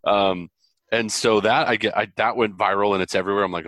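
A man as an interview guest, talking earnestly and animatedly, with lively quoted voices and preacher-like biblical illustrations. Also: on the low side, brisk, dry recording. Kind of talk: conversational interview.

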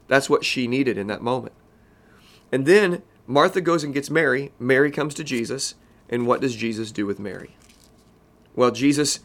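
An earnest man of ordinary pitch talks through a pastoral teaching as a podcast host. He speaks to fellow pastors in an even, sincere way and drops to a slow, soft voice when a point lands.

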